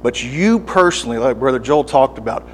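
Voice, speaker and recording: A man preaching a sermon, often restarting his words, moving from quiet reflection to fervent, pleading prayer. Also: mid-range voice, lively intonation, brisk, soft background music. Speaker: pastor. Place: church service.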